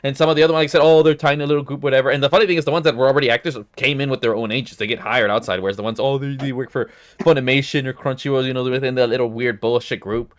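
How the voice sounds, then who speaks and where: A young man hosting a casual podcast chat, swearing freely and ranting with big swings in pitch. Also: fairly even intonation, very fast. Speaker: podcast host.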